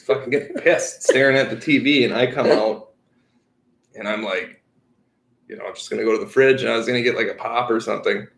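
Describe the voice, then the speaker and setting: A young man co-hosting a podcast, telling stories in a profane, animated way. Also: mid-range voice, brisk, gravelly, reverberant. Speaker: podcast co-host. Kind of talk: casual chat.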